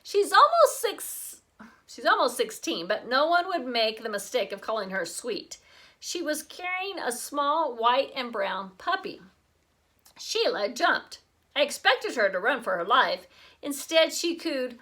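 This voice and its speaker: A teacher reading a children's chapter book aloud in an expressive, lively way. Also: female voice, a little high, a little slow.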